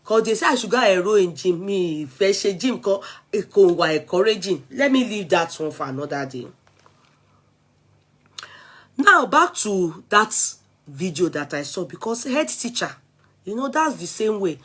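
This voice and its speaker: A Nigerian woman vlogger chats casually in a Nigerian English accent, mixing in Yoruba and pidgin. Her mid-range voice has big pitch swings, a fairly bright, slightly rough tone, and a moderate pace.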